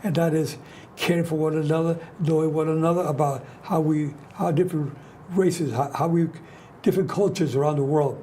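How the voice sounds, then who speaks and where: Older man, host, fast rambling chat, higher voice, mellow tone, faint background hiss. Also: steady tone. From New York. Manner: rambling, restarts often, storytelling. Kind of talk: casual chat.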